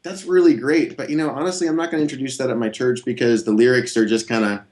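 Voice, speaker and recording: A man being interviewed as a guest guitarist, talking in a relaxed, rambling way with many fillers and restarts. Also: mid-range voice, racing. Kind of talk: casual interview chat.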